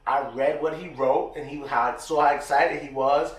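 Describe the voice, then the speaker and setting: Male co-host, casual and slangy, animated, recorded far from the mic in a roomy space. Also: a little high, normal speed. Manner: animated storyteller, slangy, acts out quotes. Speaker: podcast co-host. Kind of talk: casual chat. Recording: echoey room, distant mic.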